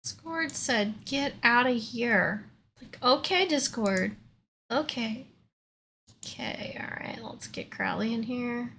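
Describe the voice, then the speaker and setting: Woman, stream host, bubbly, laughs a lot, high bright voice. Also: expressive, takes it slowly, creaky, slight background noise. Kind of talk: casual live-stream chat.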